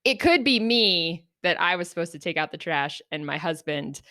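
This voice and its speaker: Woman podcast host, middle-aged, bright, somewhat low voice, earnest reflective chat. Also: moderate pace. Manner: earnest, animated when acting out examples. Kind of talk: reflective conversational podcast talk.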